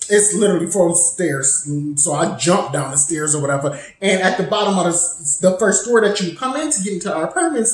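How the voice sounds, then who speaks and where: A woman in her twenties telling a personal story in a casual, profane, rambling way, full of side tangents. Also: mid-range voice. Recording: very echoey room.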